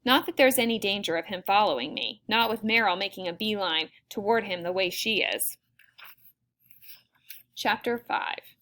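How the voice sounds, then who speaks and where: A woman narrating a first-person novel as an audiobook, in an expressive way. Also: mid-range voice, moderate pace.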